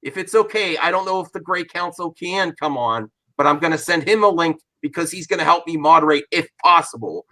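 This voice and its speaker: A man hosting and moderating a live-stream debate, hesitant and stammering as he tries to calm things. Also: on the high side, fairly quick, few pauses, poor audio.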